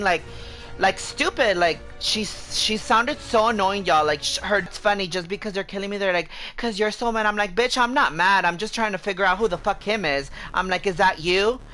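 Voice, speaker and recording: A woman's voice: medium pitch, bright, forceful tone, soft background music. Foul-mouthed streamer woman venting. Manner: profane, heated retelling of an argument; fast, repetitive quoting with "I'm like". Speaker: game streamer. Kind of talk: casual livestream storytelling.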